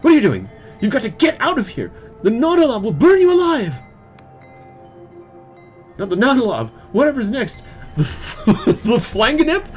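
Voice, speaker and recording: A man voicing an excitable woman who is mayor of a village in a video game, lurching from frantic yelling to prim, overly polite chatter. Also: a little high, a little fast, faint music behind, pitched above the performer's own voice. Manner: frantic shouting, then prim and overly courteous.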